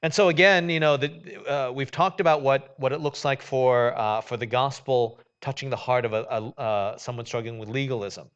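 A man's voice: medium pitch, moderate pace, few pauses, fairly bright tone, clean tone. Conversational male pastor preaching, lo-fi. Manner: conversational preaching with many fillers and restarts. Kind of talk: sermon.

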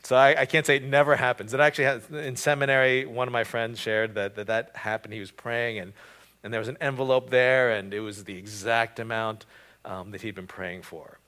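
A man's voice: mid-range voice, steady tone, a little fast, sharp tone. A man preaching a casual sermon, with frequent fillers and repeated words. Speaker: pastor. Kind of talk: conversational sermon.

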